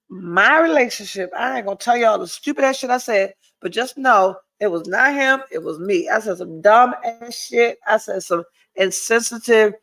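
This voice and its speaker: A woman's voice: fairly high pitch, fairly bright tone, rough recording. Blunt, profane woman storyteller. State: stuffy nose. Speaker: podcast host. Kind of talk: candid solo livestream chat.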